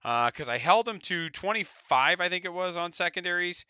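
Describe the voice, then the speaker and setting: A man with a very bright, crisp voice tells a story in an easygoing, chatty way, full of fillers. He sits close to the mic in a dry, dead room, his voice a little higher than most men's. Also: animated, no room sound, highs cut off. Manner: chatty and easygoing, full of fillers, quotes opponents in quick impressions. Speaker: podcast host recounting a tournament. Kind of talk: casual storytelling.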